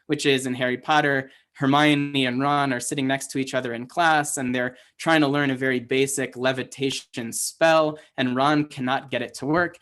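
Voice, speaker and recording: Male teacher for a livestream class, mid pitch, talks loosely with restarts and asides. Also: fairly bright tone. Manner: casual, halting explanation with many restarts and "right?" checks. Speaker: Hebrew teacher. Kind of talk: online class lecture.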